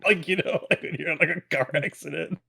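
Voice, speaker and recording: A man chatting casually on a gaming podcast, laughing through his own jokes. His voice is bright and forward and sits a little higher than most men's. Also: quick pace, gravelly, husky. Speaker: podcast co-host. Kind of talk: casual chat.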